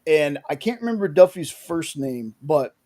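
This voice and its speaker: A man walks through a TV episode scene by scene, stopping and restarting his sentences as he goes. His voice sits a little high but has a mellow, soft tone. It comes across as relaxed, casual chat. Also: normal speed. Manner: rambling, with many restarts and "like". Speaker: podcast host recapping a show.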